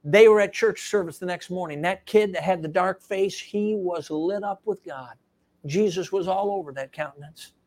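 High-voiced male preacher telling a story. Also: normal speed. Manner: animated storytelling with frequent fillers, drops to hushed tones for emphasis. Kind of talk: sermon storytelling.

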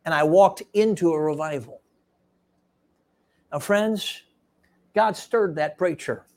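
A man preaching a sermon, telling a revival story with lots of fillers and dropping to a hush for emphasis. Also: on the high side, takes it slowly. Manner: animated storytelling with frequent fillers, drops to hushed tones for emphasis.

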